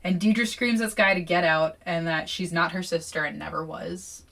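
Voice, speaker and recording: Chatty podcast co-host, woman, bright sharp voice, slightly off-mic. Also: fairly low pitch, normal speed, creaky, far from the mic. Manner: animated, swears freely, acts out quotes. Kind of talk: casual book-club chat and reading aloud.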